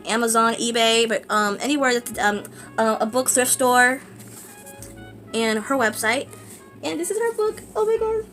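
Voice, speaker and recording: A woman vlogging casually, gushing and excitable, with lots of fillers. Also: fairly high pitch. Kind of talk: casual book vlog.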